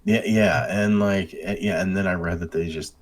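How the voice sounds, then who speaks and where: Husky deep voiced dude on a gaming podcast, excitable, swears a ton. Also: male voice, moderate pace. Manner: excitable storytelling, heavy swearing. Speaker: podcast co-host. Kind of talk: casual gaming chat.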